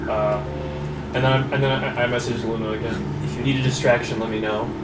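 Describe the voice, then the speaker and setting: A man's voice: medium pitch, flat delivery, fast talker. A man playing a tabletop game, talking in a hesitant, rambling way full of fillers. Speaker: player. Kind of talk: casual chat at a gaming table. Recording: echoey room, far from the mic, noisy.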